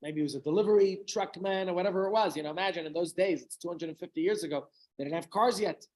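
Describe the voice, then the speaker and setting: A man's voice: high voice, quick pace, a little mellow, rough recording. Rambling storytelling man. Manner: rambling storytelling with chatty asides and questions to listeners. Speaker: rabbi. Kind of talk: informal Torah talk to a small group.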